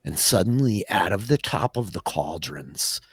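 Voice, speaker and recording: A man's voice: low voice, lively intonation, measured pace, breathy edge, no echo. A man narrating as Dungeon Master of a tabletop game, in a casual way full of filler words while he describes scenes.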